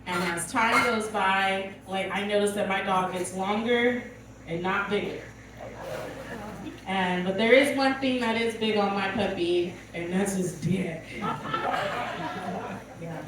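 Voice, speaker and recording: A woman's voice: mid-range voice, slow, long pauses, heavy background noise. A young woman doing a crude, brash stand-up set, laughing at her own jokes, recorded on a club stage. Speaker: stand-up comedian. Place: comedy club stage with audience. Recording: echoey club from far off, audience laughter.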